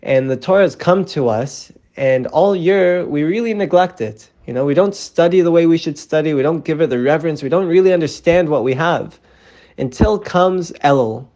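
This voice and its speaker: A man's voice: a little high, moderate pace, mellow, lo-fi sound. A man telling a parable in a casual, conversational way, often adding "you know", recorded as a phone voice message. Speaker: storyteller sharing a parable. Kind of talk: casual spoken storytelling.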